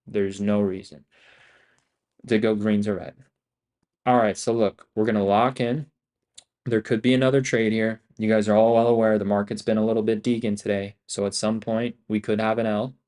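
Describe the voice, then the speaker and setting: A man's voice: lowish voice, a little mellow. A young man giving live trading commentary, talking in restless, profane, slangy bursts as he thinks aloud. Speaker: day-trading streamer.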